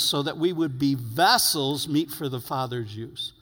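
A man preaching a sermon as pastor, earnest, stretching key words and letting phrases fall to quiet endings. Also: mid-range voice, measured pace, few pauses. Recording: long hall reverb.

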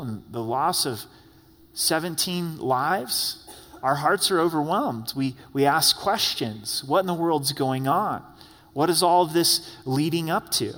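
A man's voice: a little high, a bit bright, big-room sound. A man preaching a sermon as pastor in a conversational style, often acting out the words of the people he quotes. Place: church sanctuary.

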